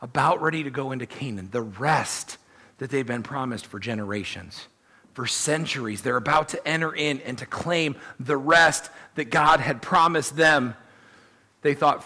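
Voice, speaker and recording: A man preaching a sermon, telling the story in an animated way and voicing the people he quotes. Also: mid-range voice, moderate pace. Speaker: pastor.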